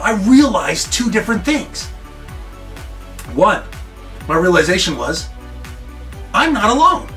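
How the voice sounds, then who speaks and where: A man's voice: high-pitched, animated, a little slow, pauses often, sharp tone, distant mic, soft background music. A middle-aged man, a school coach, telling students a story from his own life and acting out his reactions with big swings. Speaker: school coach giving a morning talk.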